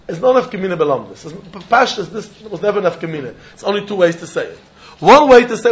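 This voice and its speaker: A man's voice: high-pitched, expressive, fast, fairly bright tone. A man teaching a Talmud lesson in English peppered with Yiddish and Hebrew terms, acting out both sides of a legal case in quoted voices. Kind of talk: Talmudic lecture. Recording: dull lo-fi recording.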